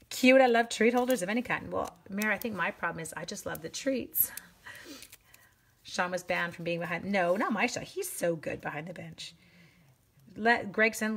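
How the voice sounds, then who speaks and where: A woman's voice: medium pitch, slight background noise. A woman hosting a live-streamed stamping craft demo, chatting with viewers and greeting them by name as she works. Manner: chatty, greets viewers while working, animated exclamations. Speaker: craft demonstrator. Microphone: phone.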